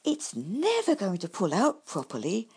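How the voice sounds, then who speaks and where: A woman voicing a kindly, polite miniature male badger in a storybook, gentle and fussing over his friend. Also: medium pitch, huge pitch swings, unhurried, breathy edge, exaggerated voice. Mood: concerned. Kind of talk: storybook character voice.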